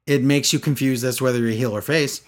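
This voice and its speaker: A man's voice: medium pitch, steady tone, quick pace. A man in casual chat, reviewing a wrestling show with sarcastic, exasperated commentary.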